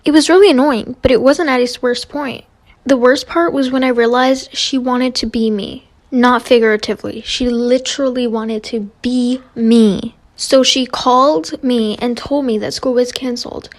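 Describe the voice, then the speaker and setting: Young woman rattling off a storytime, kinda high voice, super dry close mic, chatty and dramatic. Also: fairly even intonation, normal speed, dry recording. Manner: chatty, dramatic retelling with quoted dialogue. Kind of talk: fast storytime narration.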